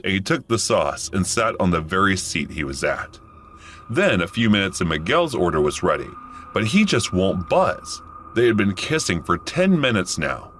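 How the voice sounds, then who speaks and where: A man's voice: deep voice, fairly bright tone, slight background noise. A man narrating a first-person story in a matter-of-fact storytelling manner.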